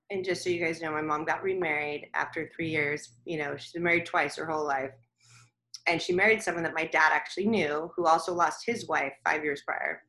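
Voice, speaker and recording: A woman's voice: fairly low pitch, pushed and bright, rough recording. A woman guest in a casual interview, chatty and eager as she relays messages she says she receives. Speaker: guest medium.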